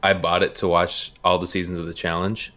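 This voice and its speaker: A man chatting on a podcast in a halting, laid-back way. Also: sits low, flat delivery, a bit bright. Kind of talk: casual podcast chat.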